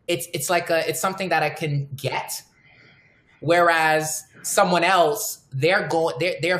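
Low-voiced woman chatting candidly. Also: fairly bright tone, roomy sound. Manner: candid, storytelling, swears freely. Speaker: podcast host. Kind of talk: casual podcast chat.

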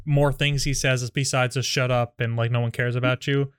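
A man's voice: medium pitch, flat delivery, moderate pace, smooth, no echo, studio quality. A man in casual chat giving notes on a comedy sketch he wrote. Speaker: sketch writer.

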